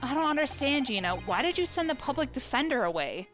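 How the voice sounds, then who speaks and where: A woman voicing an earnest, caring young woman who speaks gently. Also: high voice, lively intonation, normal speed, voice pushed up. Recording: game music behind.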